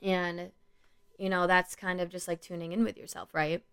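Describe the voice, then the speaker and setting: A young woman who works as a school social worker talks in a fairly low, smooth, slightly bright voice with little pitch movement and a moderate pace. On her casual solo podcast she rambles earnestly, filling her speech with "like" and "you know."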